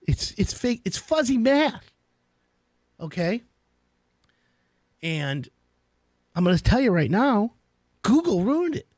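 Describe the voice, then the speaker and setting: A male radio host with a fairly high, very lively voice that bounces up and down as he chats. He jumps between excited asides and mock grumbling. The sound is dry and close, with no room echo.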